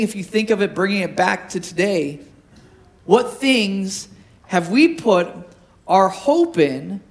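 A man preaching a sermon, animated and storytelling, acting out quoted voices, with frequent restarts and repetitions. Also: high voice. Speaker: pastor.

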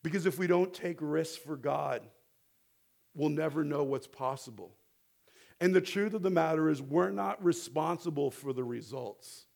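A middle-aged man preaching a sermon as a rabbi, animated and building toward fervent exhortation, leading the congregation to repeat words back. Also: fairly high pitch, moderate pace, vocal fry. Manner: animated, rising to near-shouting exhortation; leads the congregation in call-and-response.

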